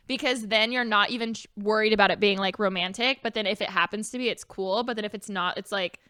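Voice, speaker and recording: A woman's voice: medium pitch, fast, sharp tone, smooth, dry recording, clean studio sound. A young woman in her twenties co-hosting a podcast, telling a story in bubbly casual chat full of fillers. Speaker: podcast co-host.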